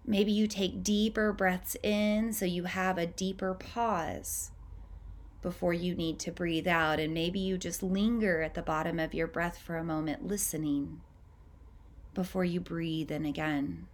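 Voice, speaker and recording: A woman hosting a podcast, leading a guided breathing meditation in a slow, gentle, soothing way with long pauses. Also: fairly low pitch, fairly even intonation.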